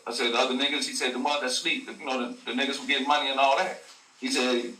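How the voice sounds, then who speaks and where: A man's voice: mid-range voice, level tone, fast talker, sharp tone, a little hiss or hum. A man, a guest telling a story in casual slang, full of profanity and acted quotes. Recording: echoey room, a bit far from the mic.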